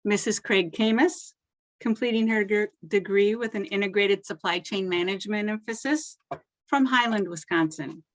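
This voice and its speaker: A woman reads graduate names at a virtual ceremony in a formal, measured voice. Each name rises a little, and each line settles down at its close. Her pitch sits in an ordinary middle range. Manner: measured, lifts each name then drops at the end. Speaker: presenter reading graduate names.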